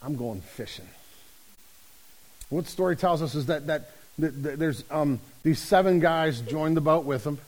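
High-voiced man preaching a lively sermon. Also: moderate pace, poor audio. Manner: lively storytelling, acts out quoted voices; humorous, conversational preaching. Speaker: pastor.

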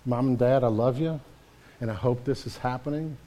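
A man's voice: mid-range voice, normal speed, dark tone. A man preaching a sermon to his congregation in a conversational way, often repeating words and throwing in "man" as he talks. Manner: repeats words and restarts mid-sentence. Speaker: pastor.

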